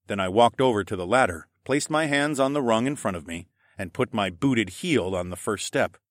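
A man narrating a first-person fantasy adventure audiobook in an expressive, wry and profane manner. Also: fairly low pitch, moderate pace, no room sound, studio quality.

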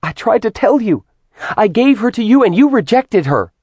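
A man's voice: mid-range voice, sing-song, normal speed, no echo, voice pushed up, natural voice. A man voicing a snarling, furious ancient god. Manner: snarling, raised angry voice. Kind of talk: audiobook character voicing.

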